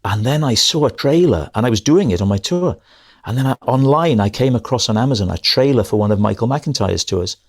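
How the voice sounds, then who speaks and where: Fairly quick and animated, this middle-aged comedian's lowish voice carries his casual podcast guest chat. His anecdotes wander, and he keeps stopping to correct himself.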